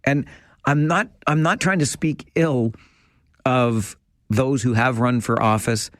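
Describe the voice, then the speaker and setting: A man's voice: mid-range voice, fairly even intonation, takes it slowly, a bit bright, no echo, studio quality. A man hosting a call-in radio talk show, ranting with rising passion and frustration. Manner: passionate, increasingly heated rant. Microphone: studio microphone.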